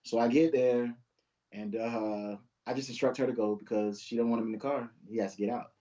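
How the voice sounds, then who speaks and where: A man's voice: mid-range voice, fairly even intonation, a little fast, warm tone, dull audio. A young man who is a police officer, chatting as a guest in an easygoing, laid-back way and telling stories from the job. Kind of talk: casual interview chat, storytelling.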